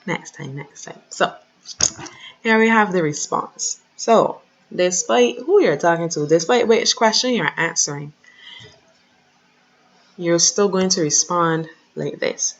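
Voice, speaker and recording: A woman teaching a French lesson online, carefully pronouncing each phrase slowly for her students. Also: fairly low pitch, animated, muffled recording.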